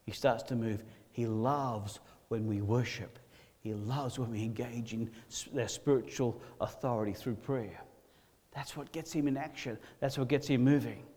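A man preaching a sermon, swinging from loud emphatic lines to low quiet ones. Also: normal speed, long reverb tail.

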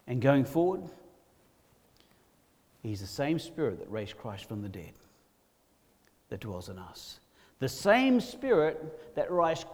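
A man preaching a sermon, swinging from loud emphatic lines to low quiet ones. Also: long reverb tail.

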